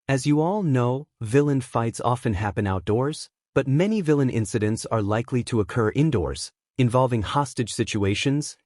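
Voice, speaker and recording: A man's voice: mid-range voice, a little mellow, no echo, studio quality. A man reading a fan fiction story aloud as narrator, with small voice shifts for the characters.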